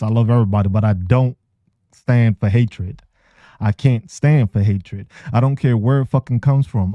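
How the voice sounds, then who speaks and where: A man's voice: medium pitch, warm tone, dry recording, muffled recording. A man hosting a podcast, ranting casually with heavy profanity and frequent laughter. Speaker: podcast host.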